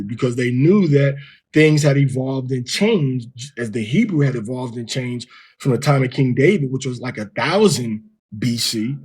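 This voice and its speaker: A man giving an informal lesson, explaining step by step and sounding words out slowly. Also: medium pitch, a little mellow, breathy edge. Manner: explains step by step, reads verses aloud slowly. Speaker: Hebrew teacher.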